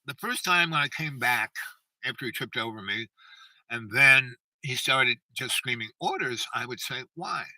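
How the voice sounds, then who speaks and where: A man's voice: mid-range voice, moderate pace, pushed and bright, no room sound, distant mic, low-quality recording. Rambling storyteller man, off mic. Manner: meandering, self-interrupting, acts out quoted voices. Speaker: channel host.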